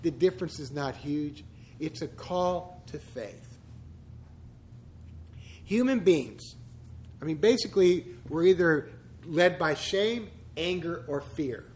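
A pastor with a notably high voice leads a chatty church teaching. He peppers it with joking asides and rhetorical questions. The man talks like he is with friends rather than preaching from on high. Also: slow pace, long pauses.

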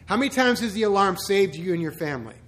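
High-voiced pastor teaching with humor. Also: male voice, lively intonation, quick pace, a bit bright. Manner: chatty, humorous asides, rhetorical questions. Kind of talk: conversational church teaching.

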